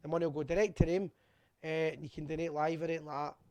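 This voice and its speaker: A man's voice: on the high side, little pitch movement, very fast, no room sound, highs cut off. A Scottish man hosting a fan live show, chatting casually and reading out viewers' messages while a bit drunk. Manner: chatty, rambling, shouts out viewers by name.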